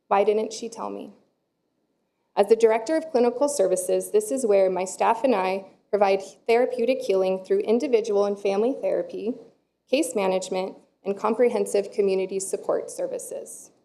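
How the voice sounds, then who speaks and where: Woman presenter at council meeting, gravelly and warm, earnest prepared remarks. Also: mid-range voice, moderate pace. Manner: steady, earnest reading. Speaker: director of clinical services.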